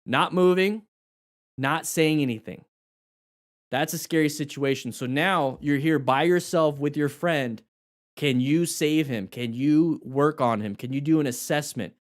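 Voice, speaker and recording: A man teaching motorcycle safety, commenting on a crash video in a lively way and asking questions. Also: a little high, measured pace. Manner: animated, acts out rider dialogue and questions.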